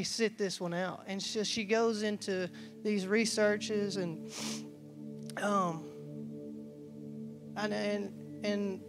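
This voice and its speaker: A man preaching a conversational sermon, telling personal stories in a loose, folksy way and often restarting his sentences. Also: high voice. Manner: folksy, storytelling, acts out quoted dialogue; casual, loose, frequent restarts and asides. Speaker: church staff preacher.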